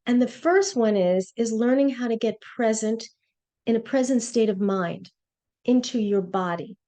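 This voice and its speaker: A woman's voice: fairly high pitch, unhurried, dark tone. A woman giving a motivational webinar talk as a coach, telling personal stories in an earnest way. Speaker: presence coach.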